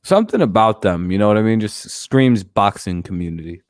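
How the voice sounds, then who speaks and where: A man's voice: fairly low pitch, expressive, brisk, dry recording, clean studio sound. A man hosting a casual sports talk stream, rambling and joking with plenty of profanity. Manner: frequent fillers and restarts. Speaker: host.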